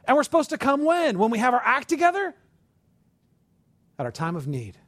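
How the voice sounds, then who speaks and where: A man preaching a sermon in a conversational way, asking the listeners rhetorical questions and rising to loud, emphatic passages. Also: very high voice, wildly swooping pitch, brisk, dry recording, studio quality.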